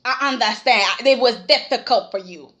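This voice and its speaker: A woman casually recapping a soap opera episode in a vlog, animated and sassy, talking straight at the characters and tagging lines with "okay?". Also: on the high side, brisk.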